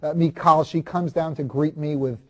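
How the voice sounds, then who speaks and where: A man's voice: fairly high pitch, fairly even intonation, fairly bright tone. A man playing a proud, self-justifying ancient king. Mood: brooding. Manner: confiding and halting, with many restarts and repeated words. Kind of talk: first-person character monologue.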